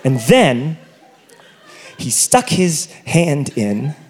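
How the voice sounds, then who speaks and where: A man doing a stand-up comedy routine on stage, telling a self-mocking story with loud outbursts into a handheld mic. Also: on the high side, sing-song, drawn-out words. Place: comedy stage before an audience. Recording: live comedy show with audience laughter.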